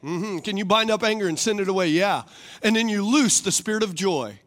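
Male pastor, high voice, sermon style, big on call-and-response. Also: expressive, fairly quick, a bit bright. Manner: rhetorical, calls for congregation responses; repeats questions for emphasis.

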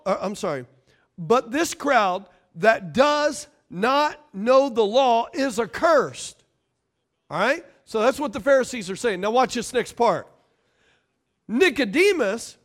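A man preaching a sermon, lively and conversational, acting out the people in the story with sudden jumps in pitch and loudness. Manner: animated, acts out quoted characters with jumps in pitch and volume. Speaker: pastor.

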